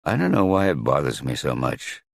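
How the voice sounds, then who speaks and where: A man's voice: extremely low pitch, big pitch swings, normal speed, vocal fry, dry recording, studio quality, full character voice. A man voicing a troubled father who pleads insistently to see his son, in an audiobook. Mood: desperate.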